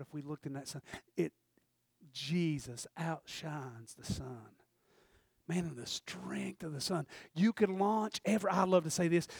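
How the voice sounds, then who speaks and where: A man preaching a fervent sermon, moving between loud shouted peaks and quiet, confiding asides. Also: high-pitched, creaky, no room sound, studio quality. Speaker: pastor.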